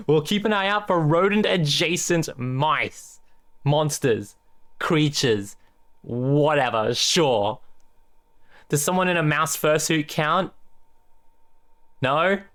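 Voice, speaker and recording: A man streaming a game, swearing casually, reading aloud and thinking out loud. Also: on the high side, slow pace, long pauses. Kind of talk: casual let's-play commentary. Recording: game music playing behind.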